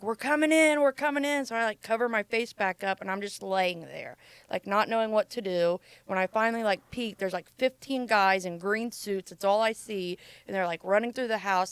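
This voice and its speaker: Podcast guest, young adult woman from Ohio; casual, frank, crisp voice, dry close mic. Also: medium pitch, no echo. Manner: casual, frank, swears freely, acts out quotes. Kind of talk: candid storytelling.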